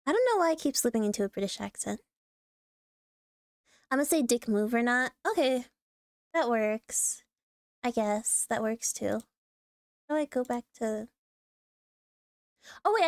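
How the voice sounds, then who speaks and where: A woman streaming casual commentary on online posts, talking bluntly with swearing, frequent throat clearing and lots of laughter. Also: a little high, no room sound, studio quality.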